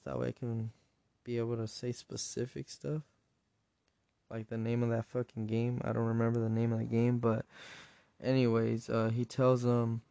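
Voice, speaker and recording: A man's voice: medium pitch, creaky, warm tone, clear, resonant tone, no echo. A man hosting a solo podcast, casually retelling and reviewing a show episode in a rambling, profane way. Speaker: podcast host.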